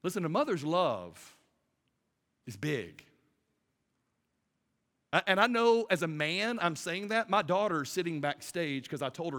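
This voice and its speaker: A man in his forties preaching a sermon from a church stage, talking to the room like a conversation and swinging between loud bursts and hushed lines. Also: on the high side, sing-song, unhurried, pauses often. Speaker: pastor. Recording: long hall reverb.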